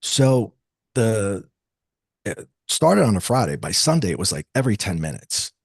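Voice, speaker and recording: A deep-voiced man with a husky edge speaks as a guest in an interview. He recounts a personal story in an earnest, confessional way and acts out the dialogue as he goes. The recording is dry, with no room echo. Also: very animated, normal speed. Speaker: guest telling his story.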